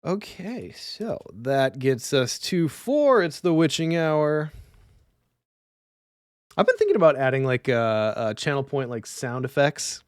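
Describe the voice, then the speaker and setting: A man's voice: medium pitch, big pitch swings, measured pace, smooth, no room sound. Guy on a live stream playing cards alone, mumbles rules, dry close mic. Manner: mutters rules half to himself, chats with viewers. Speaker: streamer playing a card game solo. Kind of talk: casual live-stream commentary.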